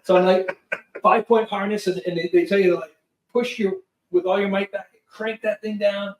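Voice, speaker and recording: A man guest telling a story in a casual, animated way, acting out quotes and swearing freely. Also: high-pitched, fairly quick. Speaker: guest, film producer. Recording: roomy sound from a distant mic.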